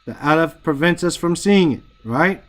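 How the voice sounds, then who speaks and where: A man's voice: on the high side, expressive, moderate pace. A man teaching an Arabic grammar lesson, explaining patiently and often checking in with his students by asking whether they follow.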